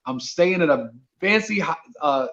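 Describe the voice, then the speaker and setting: A comedian guest from Brooklyn, New York tells a story casually and animatedly, acting out the dialogue. His voice is a little high and a little slow, and the audio sounds dull.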